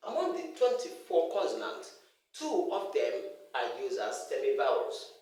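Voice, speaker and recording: A man's voice: medium pitch, huge pitch swings, unhurried, darkish tone. A man teaching English pronunciation in a classroom lecture, repeating words over and over for emphasis. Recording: echoey room, mic far off.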